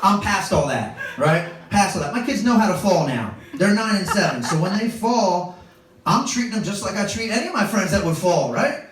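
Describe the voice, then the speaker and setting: A very animated man in his thirties, his voice sitting high and a bit bright, delivers storytelling stand-up at normal speed on a club stage. Wry and self-deprecating, he's picked up by a distant mic in an echoey room with audience laughter and slight background noise.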